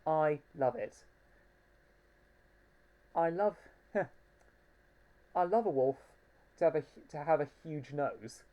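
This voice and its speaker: A woman's voice: low-pitched, expressive, slow pace, long pauses, dull audio. A woman reviewing a plush toy in a casual home video, hesitant and fond, with frequent ums and restarts.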